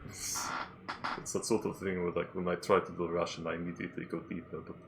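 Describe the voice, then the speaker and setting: Man, game master, deep voice, gravelly, casual rambling chat, music behind. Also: level tone, a little fast, slight background noise. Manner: rambling, self-deprecating.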